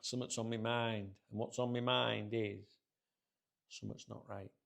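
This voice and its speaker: A middle-aged man rants to camera in a rambling, swearing, grumbling way. His voice sits a little low and is heavily gravelly. He talks casually, like a football channel host sat in his chair. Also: flat delivery, moderate pace, fairly bright tone.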